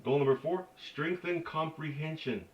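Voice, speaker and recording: A man giving a casual spoken language lesson, halting with many fillers and restarts and dropping joking asides. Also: fairly high pitch. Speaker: language teacher. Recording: echoey dull recording from a distance.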